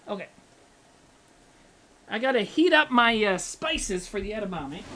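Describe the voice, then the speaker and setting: A man's voice: sits high, fairly bright tone, a little hiss or hum. A man, a comedian, chatting casually and swearing freely while he cooks on a livestream. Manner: rambling, profane and joking. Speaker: comedian streamer.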